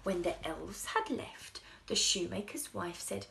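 A woman reading a children's story aloud in an expressive, sing-song way, dropping into soft whispers at times. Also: on the low side, measured pace, creaky, hardly any pauses.

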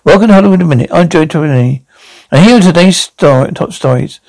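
A man's voice: a little high, lively intonation, fast talker, vocal fry, a little mellow. An actor playing Joey, a bumbling, good-natured male actor who trips over his words and keeps restarting. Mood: flustered. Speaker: actor auditioning as TV host. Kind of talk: sitcom acting.

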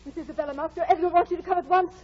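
A woman's voice: very high voice, fairly even intonation, very fast, a crowd in the background. An actress playing an anxious servant woman in a 1940s radio drama, urgent and breathless. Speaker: Ellen. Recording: dull 1940s radio broadcast.

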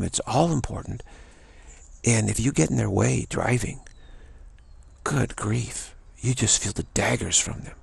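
A man with a low, heavily gravelly voice gives a loose spiritual talk, circling back on his words as he tells stories. His tone is husky and the sound is dry and close. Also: dry recording. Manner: rambling storytelling, acts out quoted voices. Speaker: spiritual teacher.

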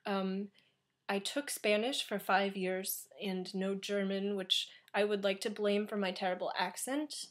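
A woman's voice: medium pitch, flat delivery, a little slow. A seventeen-year-old girl from New York with an American accent, chatting to her computer camera at home in a rambling, self-deprecating way. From New York, USA. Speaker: vlogger, exchange student. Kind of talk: casual talking-to-camera vlog. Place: home, indoors. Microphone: computer webcam.

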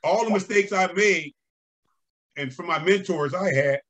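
An older man, a guest on an interview show, tells animated stories with chuckles and acts out the voices of people he quotes. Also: high voice, a little slow. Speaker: interview guest, former umpire and scout. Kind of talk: conversational storytelling.

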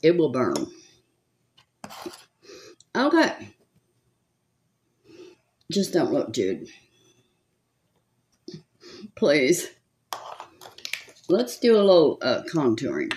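Doing her makeup, an older woman with a Southern accent, originally from California, chats and gossips in a rambling, laugh-filled way for her vlog. Her low voice swoops wildly in pitch, with drawn-out words and long pauses; the tone is a little mellow, and there's a slight hiss or hum.

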